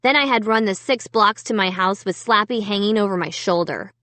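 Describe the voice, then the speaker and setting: A woman reading a storybook aloud in an expressive first-person narration. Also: mid-range voice, fairly quick, dry recording. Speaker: audiobook reader.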